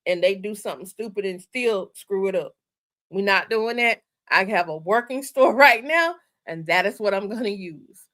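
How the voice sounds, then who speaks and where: A woman hosting a casual livestream, walking viewers through her online store in a chatty, excited way and repeating her instructions. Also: mid-range voice, normal speed. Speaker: channel host.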